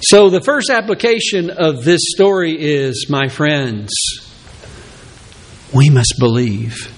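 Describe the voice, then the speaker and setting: A man's voice: slow, a little hiss or hum. A man preaching a sermon as pastor, who acts out voices of the people in his story. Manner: animated preaching, acts out Peter's reluctant excuses in a high voice.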